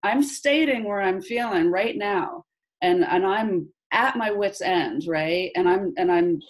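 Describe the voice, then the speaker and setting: A woman's voice: medium pitch, unhurried. A woman in her forties leading a group coaching call, talking animatedly and often checking in with the listener. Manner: animated, keeps checking in with "right?". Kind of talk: casual coaching chat. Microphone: video call.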